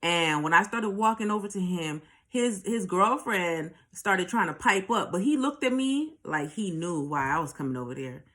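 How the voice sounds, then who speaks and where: A woman's voice: lowish voice, lively intonation, moderate pace, hardly any pauses, a bit bright. A woman telling her own story in a blunt, profane way, often repeating a line for emphasis. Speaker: channel host telling a personal story. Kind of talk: candid personal storytelling.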